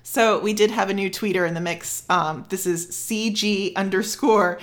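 A woman's voice: mid-range voice, moderate pace. A woman hosting a casual podcast chat, upbeat, reading out listener tweets with frequent "um"s. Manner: upbeat, reads listener tweets aloud with many "um"s. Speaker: podcast host.

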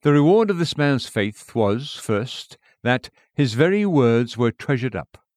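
A man's voice: medium pitch, big pitch swings, unhurried, darkish tone, dry recording. A man delivers a sermon as a read-aloud text in an earnest, emphatic preaching style. His voice sits in a middle register, lifting sharply on key phrases and sinking to near-whispered endings. The recording is dry, with no room sound. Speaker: sermon reader.

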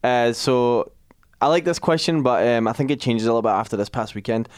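Male reader, smooth tone, jokey delivery, dry close mic. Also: medium pitch, brisk, dry recording. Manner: jokey, putting on a British accent. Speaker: co-host reading fan questions. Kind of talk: reading listener questions.

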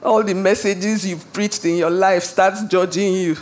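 A woman's voice: medium pitch, fairly even intonation, a little slow, a little mellow. A woman pastor delivering a sermon, preaching emphatically and building up to dramatic rises.

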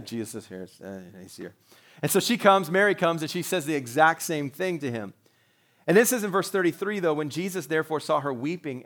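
A man who is a pastor, preaching a sermon in a conversational way, with rhetorical questions and joking asides. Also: medium pitch.

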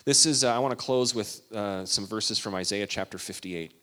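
A man preaching a sermon as a pastor, earnest and emphatic, moving between quiet asides and loud, stressed passages. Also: on the low side, moderate pace.

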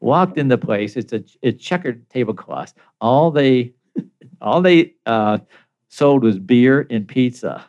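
An older American man, appearing as the show's guest, tells a story in casual conversation, laughing often and animatedly acting out other people's voices. He speaks slowly at a medium pitch, and the sound is lo-fi.

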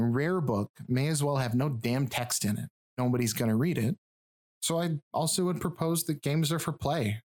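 A man from rural Michigan who drops his final G's and D's, hosting a podcast in wry, swearing, self-mocking casual chat. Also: medium pitch. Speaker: podcast host and researcher.

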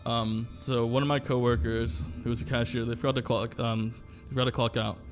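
A man's voice: medium pitch, little pitch movement, brisk, soft background music. A young man co-hosting a podcast, telling a long story in casual chat, rambling with lots of fillers and swearing. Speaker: podcast co-host.

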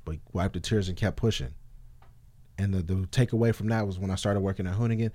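A man talking as a guest on a casual podcast, telling animated stories full of slang and swearing. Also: sits low, fast talker, no echo. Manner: animated storytelling with acted-out quotes, heavy slang and swearing.

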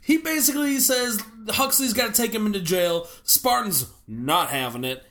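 Bright, giggly podcast co-host. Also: mid-range voice, animated, normal speed. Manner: recaps the plot, giggles often. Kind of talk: casual movie podcast chat.

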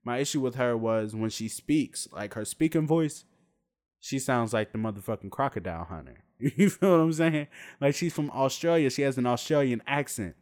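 A man's voice: mid-range voice, normal speed. A man in his twenties ranting bluntly and with plenty of swearing, in a casual vlog rant to camera. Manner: blunt, profane, animated storytelling. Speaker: vlogger.

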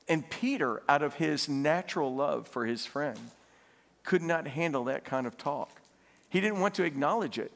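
A man preaching a sermon, animated and laughing as he tells stories and asks the congregation questions. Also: fairly high pitch, normal speed, creaky. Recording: long hall reverb.

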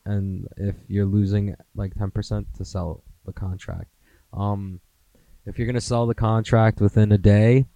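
A man's voice: fairly low pitch, dark tone, no echo, low-quality recording. A young American man hosting a solo podcast, rambling in a profane, self-mocking, casual way. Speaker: podcast host.

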